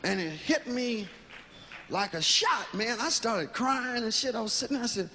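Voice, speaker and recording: Male comic, fairly high voice, reflective and profane, echoing hall, faint hiss. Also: animated, moderate pace, bright, forceful tone. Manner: earnest, reflective, profane storytelling. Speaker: stand-up comedian. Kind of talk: stand-up comedy monologue.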